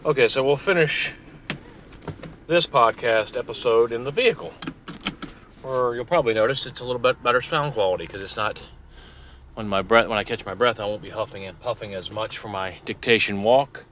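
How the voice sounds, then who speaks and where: A man's voice: medium pitch, a little fast, fairly bright tone, a little hiss or hum. A middle-aged man hosting a solo podcast from his vehicle, talking casually and profanely with frequent restarts. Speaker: podcast host. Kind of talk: rambling solo podcast monologue. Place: inside a parked vehicle.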